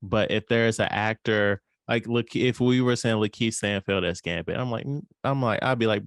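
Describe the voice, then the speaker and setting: A man with a fairly low voice chats in a relaxed, playful way and acts out little imagined quotes. The recording is dry and close. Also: moderate pace, few pauses, clear, resonant tone, no room sound. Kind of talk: casual chat.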